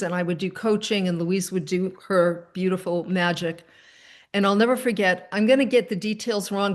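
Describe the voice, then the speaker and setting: A middle-aged woman hosts a relaxed chat over a video call. She tells a long story with animated quick asides and soft fillers along the way. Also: medium pitch. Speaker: host.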